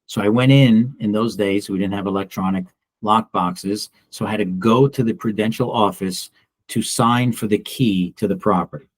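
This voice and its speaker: A middle-aged broker leads a casual training session for agents. He speaks bluntly and with animation, and he acts out the people he quotes. His voice sits somewhat low and comes across dry and close. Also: fairly even intonation, moderate pace, dry recording. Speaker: real estate broker and trainer. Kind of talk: casual office training talk.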